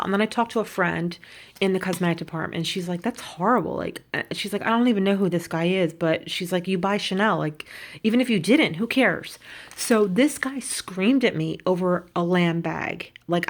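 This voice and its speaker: A woman vlogging about luxury shopping, telling a story in an animated, indignant way. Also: on the low side. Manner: animated, indignant, quotes people in put-on voices. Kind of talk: casual storytelling rant.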